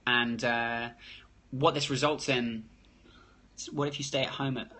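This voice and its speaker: A man with a New Zealand accent, talking fast and excitedly on a phone live stream, reading out comments and restarting his sentences. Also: medium pitch. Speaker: productivity blogger hosting a live stream.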